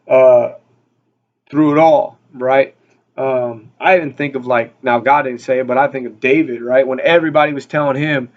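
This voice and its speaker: A man's voice: fairly high pitch, highs cut off. A man giving a casual, rambling Bible study talk, full of fillers and repeated words. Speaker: Bible teacher.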